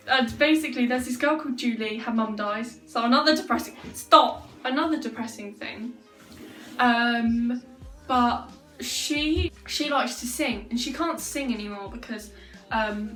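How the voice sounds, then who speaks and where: A woman's voice: a little high, a bit bright. Chatty young woman, roomy sound. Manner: rambling and chatty, many fillers, joking asides. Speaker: vlogger. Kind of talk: casual chat to camera. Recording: roomy sound from a distant mic, faint music behind.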